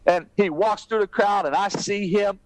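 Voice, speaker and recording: Guy guesting on a podcast, punchy animated storytelling, kinda high voice, dry sound. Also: moderate pace, no room sound, rough recording. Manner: animated, emphatic storytelling that rises in pitch at exciting moments. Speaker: guest, keynote speaker.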